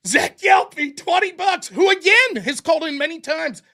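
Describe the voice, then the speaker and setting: A man hosting a live stream, reading viewer donations aloud and answering them with sarcastic jokes, dropping lower and quieter when he reads their messages. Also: animated, moderate pace. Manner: mocking, sarcastic humor. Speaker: livestream host reading super chats. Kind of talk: casual live-stream chat.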